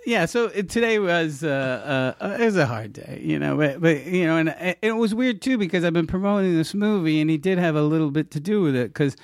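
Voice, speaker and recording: A man's voice: a little high, animated, brisk, few pauses, no echo, clean studio sound. A middle-aged man telling stories as a comedian guest in a casual interview, rambling and laughing, with frequent restarts.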